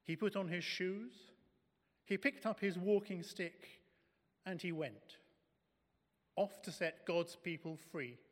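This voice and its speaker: A man reading a children's Bible story aloud in a church, slow and expressive. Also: high voice. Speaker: reader. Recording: echoey hall.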